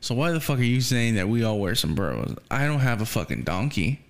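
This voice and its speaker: A man's voice: medium pitch, big pitch swings, a little fast, creaky. A man hosting a podcast, chatting casually and swearing freely, laughing often. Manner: profane, laid-back, laughs often. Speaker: podcast host.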